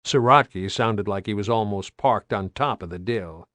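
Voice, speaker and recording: A man's voice: on the low side, normal speed, fairly bright tone, dry recording. A man reading an audiobook aloud with tense, dramatic narration. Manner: tense, dramatic, varied delivery.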